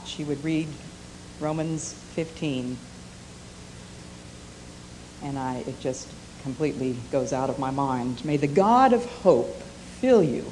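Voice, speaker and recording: Low, mellow older woman telling a story. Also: a little hiss or hum, low-quality recording. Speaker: preacher. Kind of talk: sermon storytelling.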